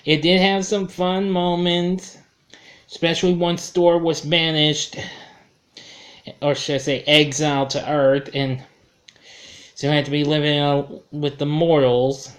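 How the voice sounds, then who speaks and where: A man's voice: fairly high pitch, little pitch movement, a little slow. A man giving a casual film review, rambling and correcting himself as he goes. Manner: rambling, self-correcting, chuckles at his own slips.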